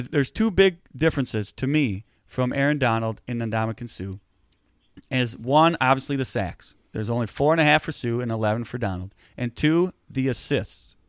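A man co-hosting a casual football talk show, animated and getting heated as he argues his point. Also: medium pitch, dry recording, clean studio sound. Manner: animated, gets heated and emphatic. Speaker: sports podcast co-host.

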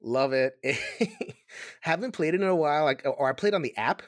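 A man's voice: fairly high pitch, lively intonation, normal speed, dry recording, clean studio sound. A man co-hosting a casual podcast, enthusiastic and rambling, with frequent restarts. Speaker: podcast co-host. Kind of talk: casual chat.

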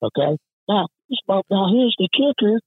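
A man's voice: high voice, moderate pace, slightly rough, no room sound, phone-quality sound. A man telling a workplace story in casual, profane talk, acting out the people in it with lots of swearing. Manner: profane, animated, acts out quoted voices. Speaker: union representative telling a story.

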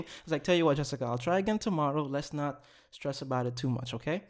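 A young man casually telling a long story on a podcast, animated, swearing and laughing as he goes. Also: a little high, quick pace.

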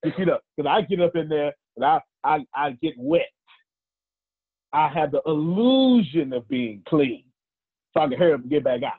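A motivational speaker with a fairly high, breathy-edged voice tells personal stories at a moderate pace with lively intonation. His casual storytelling is joking and conversational, sprinkled with preacher-like asides, over a lo-fi, phone-like line.

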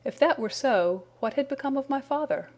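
A woman's voice: sits high, animated, normal speed, a little mellow, pitched above the performer's own voice. A woman reading the part of an anxious young man confessing his story after his arrest, in an earnest, explanatory way.

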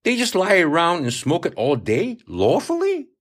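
A man's voice: on the high side, wildly swooping pitch, moderate pace, pitched above the performer's own voice. A man reading aloud, voicing a curious sixteen-year-old male sailor who asks polite, eager questions. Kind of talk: audiobook reading.

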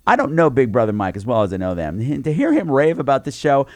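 A man co-hosting a podcast, telling a campy story in a casual, animated way. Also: medium pitch, quick pace, dry recording. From New York. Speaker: podcast co-host. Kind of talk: casual chat.

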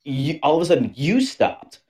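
A man's voice: fairly high pitch, sing-song, normal speed, a little mellow. A man co-hosting a podcast, rambling in casual, profane chat over a video call. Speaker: podcast co-host.

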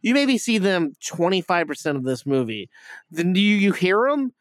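A man's voice: sits high, sing-song, normal speed, no room sound, clean studio sound. A man chatting casually on a podcast, rambling and swearing as he reviews a movie, with lots of fillers. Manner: rambling, profane, full of fillers. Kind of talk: casual chat.

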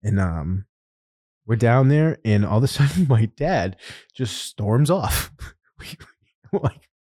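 A man's voice: mid-range voice, expressive, slow, mellow, dry recording, studio quality. Profane man telling a story, laughing often. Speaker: podcast host. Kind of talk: casual chat.

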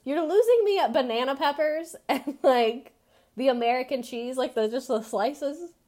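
A woman co-hosting a podcast in casual chat, animated and laughing often as she acts out quoted people. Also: high voice, normal speed. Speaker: podcast co-host.

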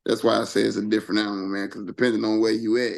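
A man's voice: on the low side, flat delivery, racing, vocal fry. A man from Chicago's South Side, a guest hip hop artist, chatting in a laid-back way and ending phrases with "man". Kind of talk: casual chat.

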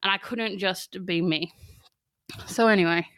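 A young Australian woman chatting candidly as a podcast guest, her voice smooth and clean. She laughs often and fills her sentences with "like". The close mic sounds dry, with no room around it. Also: mid-range voice, a little slow, a bit bright, dry recording. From country Victoria, Australia. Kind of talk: candid casual conversation.

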